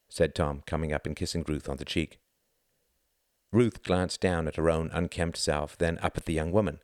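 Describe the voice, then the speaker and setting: A man reading a novel aloud as narrator, in a measured storytelling manner. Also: extremely low pitch, a little mellow, dry recording, studio quality. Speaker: audiobook reader.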